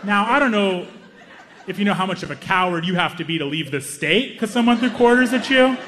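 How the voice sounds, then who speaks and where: A young man doing stand-up, telling a story in a lively, self-mocking way. His voice sits a little high and jumps up for punchlines and quoted bits, with quick throwaway asides. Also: in a large hall, a little hiss or hum. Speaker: stand-up comedian.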